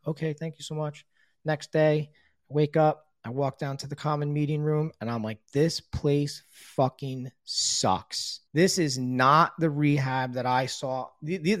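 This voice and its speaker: With a slightly high voice and no room sound, a middle-aged man shares his personal recovery story. He's frank and swears a lot, voices the people he quotes in dialogue, and grows hushed when it gets emotional.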